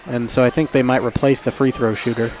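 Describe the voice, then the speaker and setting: A man calling a basketball game play by play, jokey and quick to get excited on big plays, in a school gym. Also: medium pitch. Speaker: play-by-play announcer. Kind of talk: live basketball commentary.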